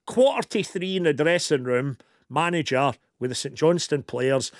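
A man's voice: a little high, lively intonation, moderate pace, dry recording, clean studio sound. A Scottish man hosting a casual chat and putting questions to his guests. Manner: chatty questioning interviewer. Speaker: host.

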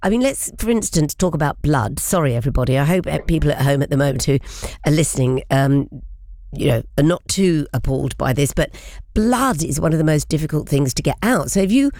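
A woman's voice: low-pitched, lively intonation, fairly quick, warm tone, no room sound, studio quality. A woman hosting a radio interview, chatty and laughing often as she asks questions. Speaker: host.

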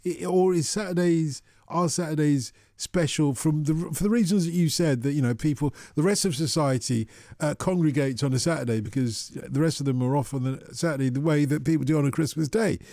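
A man's voice: on the high side, fairly quick, few pauses, dark tone, no echo, clean studio sound. Chatty man hosting a radio phone-in. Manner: chatty, rambling, teasing. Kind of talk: late-night phone-in chat. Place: radio studio. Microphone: studio microphone.

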